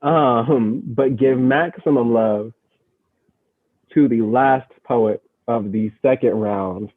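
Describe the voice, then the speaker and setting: Slow, slangy male host on a tinny line. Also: medium pitch, no echo. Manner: slangy, profane, laughing, unhurried. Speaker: slam host. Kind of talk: casual hosting banter. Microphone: remote video call. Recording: tinny, dry phone-like audio.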